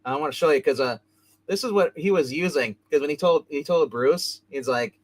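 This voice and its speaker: A man in a casual comic book recap, talking in a middle-pitched voice with loose, filler-heavy rambling. He jumps into quick impressions of the characters as he retells the story. The sound is close and dry, with no room echo.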